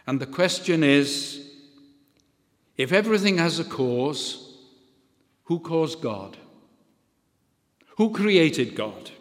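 A man preaching a sermon, measured and emphatic, repeating key phrases and letting phrase ends fall. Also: a little high, very animated. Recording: long reverb of a church hall.

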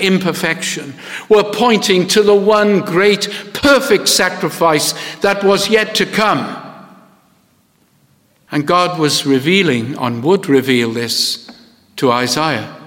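A man preaching a sermon with slow, deliberate delivery and rising, emphatic questions. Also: high voice, a bit bright, long reverb tail.

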